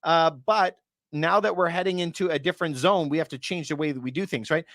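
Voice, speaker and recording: Chatty broker man, slightly high voice. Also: fairly bright tone, no room sound, clean studio sound. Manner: chatty, addresses viewers by name, quick asides. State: losing his voice. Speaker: real estate broker. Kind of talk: casual livestream chat answering viewer questions.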